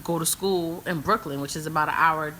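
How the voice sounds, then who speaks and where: Young New woman, bright low voice. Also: fairly even intonation, brisk, a little hiss or hum, rough recording. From New York City. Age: young adult. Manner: storytelling, matter-of-fact. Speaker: co-host guest. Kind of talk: casual chat.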